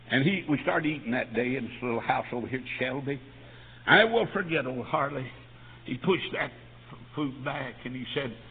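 A man preaching a revival sermon, telling stories that rise into shouted climaxes. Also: a little high, a little hiss or hum. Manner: storytelling, building to shouted climaxes. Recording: tinny lo-fi recording in a reverberant hall.

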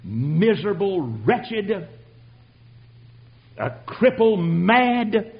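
An older man preaching his own testimony, telling it dramatically and swinging from hushed tones to shouting. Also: a little high, animated, normal speed, husky, lo-fi sound. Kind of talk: sermon testimony.

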